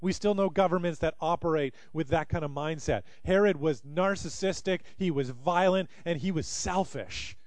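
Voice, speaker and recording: High-voiced man preaching with animated storytelling. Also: normal speed, few pauses, no room sound. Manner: animated storytelling, acting out quoted speakers. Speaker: pastor. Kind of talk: sermon.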